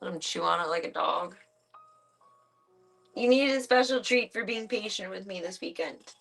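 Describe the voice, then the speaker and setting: A woman streamer with a middling voice coos and chatters at her pet at home in playful baby talk. Faint music plays quietly behind her. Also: medium pitch, moderate pace, vocal fry. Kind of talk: casual chat to her pet.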